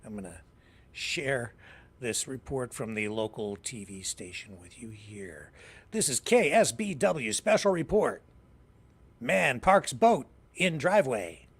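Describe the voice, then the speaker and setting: Giggly, animated Canadian man. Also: mid-range voice, slow pace, husky. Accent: Canadian English. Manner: rambling, laughs often at his own jokes. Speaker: news show host. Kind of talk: casual live news commentary.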